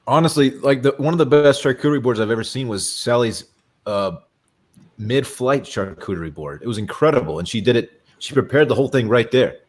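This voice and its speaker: A man's voice: mid-range voice, expressive, a little fast. A man co-hosting a live show, chatting and teasing friends with frequent laughter. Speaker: co-host. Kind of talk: casual banter between friends.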